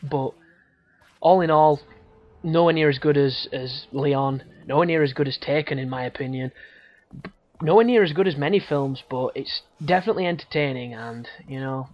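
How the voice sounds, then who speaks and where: A man's voice: a little high, moderate pace. Rambling, foul-mouthed gaming commentator man. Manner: rambling, profane, laughs often. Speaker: gameplay commentator. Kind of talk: casual let's-play commentary. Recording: dull lo-fi audio.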